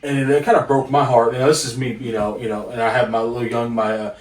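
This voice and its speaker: A man's voice: mid-range voice, level tone, quick pace, crowd noise. Rambling man in an echoey room. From Korea. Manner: rambling, repeats himself. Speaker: co-host. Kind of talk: casual movie review chat. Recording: echoey room, mic at a distance.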